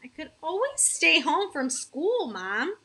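Woman reader as tired young boy: whiny, pleading, high. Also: big pitch swings, slow pace, bright, forceful tone, exaggerated voice.

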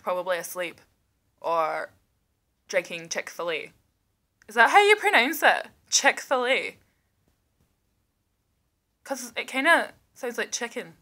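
A woman in her thirties records a casual video message from home, rambling and excitable and quick to poke fun at herself. Her voice sits somewhat high, with a bright, forward tone. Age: 30s. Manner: rambling, excitable, self-mocking. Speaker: vlogger. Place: indoors at home, seated.

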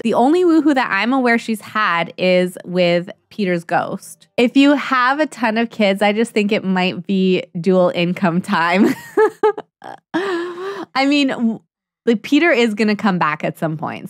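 A young woman talks through her life-sim game in a chatty, thinking-out-loud way, now and then slipping into lines for her characters. Her voice sits at an ordinary middle pitch. The sound is dry and close, with no room around it. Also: no echo. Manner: chatty, excitable, voices her sims in asides. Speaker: let's play streamer. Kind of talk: casual gameplay commentary.

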